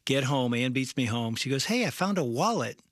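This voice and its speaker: A man's voice: mid-range voice, fairly quick, no echo, clean studio sound. A middle-aged man, a pastor and co-host, telling a story in casual chat and acting out the quotes. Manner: animated storyteller, acts out quotes.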